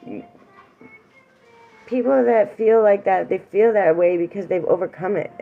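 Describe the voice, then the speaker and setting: This middle-aged woman has a mid-range voice with vocal fry and a measured pace, heard through tinny, narrow audio with soft background music. She gives a casual, sincere talk on emotional awareness, warmly reassuring one viewer and at moments close to crying.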